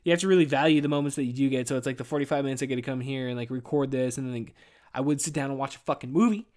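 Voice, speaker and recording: A man's voice: mid-range voice, racing, a little mellow. A man in his thirties hosting a podcast, venting in a weary, rambling way and swearing constantly. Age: 30s. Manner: profane, rambling, says "dude" constantly. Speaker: podcast host. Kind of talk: casual rambling monologue.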